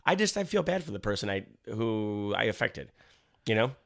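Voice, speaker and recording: A man co-hosting a podcast in casual chat, telling stories in an animated way and swearing freely. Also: on the low side, normal speed, vocal fry. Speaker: podcast co-host.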